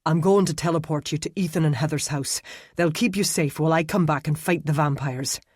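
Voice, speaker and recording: A man's voice: on the high side, fairly quick, no room sound, clean studio sound, lightly acted. A man voicing a grim, protective immortal man who speaks curtly and gives orders. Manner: curt, commanding.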